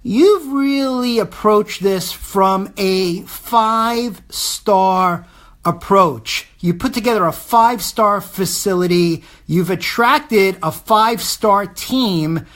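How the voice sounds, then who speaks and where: A woman hosting an interview, talking slowly and deliberately. She piles on praise and repeats key phrases for emphasis. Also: medium pitch. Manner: effusive, praising, emphatic repetition. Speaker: show host. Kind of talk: interview questions.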